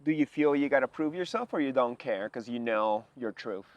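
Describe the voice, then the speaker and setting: A male podcast host who works toward his questions slowly, thinking aloud and restarting as he talks. His voice sits at a middle pitch, and it is recorded close and dry with no room sound. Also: no room sound, lo-fi sound. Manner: rambling, thinks aloud while asking. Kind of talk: conversational interview.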